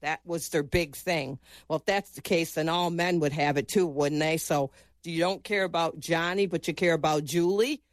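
A woman's voice: deep voice, steady tone, normal speed, no room sound. A middle-aged American woman tells her story in an interview, earnest and insistent, doubling back on words when she gets moved. The sound is dry and close, with no room around her voice. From United States. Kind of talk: emotional personal recollection.

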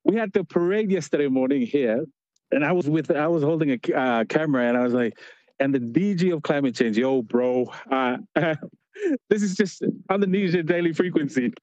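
A man with a ni-Vanuatu accent talks on a radio phone line in a relaxed way, full of laughs, yo and bro. His voice sits fairly high. The sound is dry and close. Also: normal speed, no room sound. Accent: Pacific Islander, ni-Vanuatu. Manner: laid-back, laughs often, says yo and bro. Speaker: radio correspondent. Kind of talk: casual chat on a phone line.

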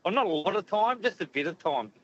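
A woman's voice: on the low side, lively intonation, quick pace, fairly bright tone. A woman, calling in to a radio show, chatty, rambling and jokey. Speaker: caller. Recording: dull phone line.

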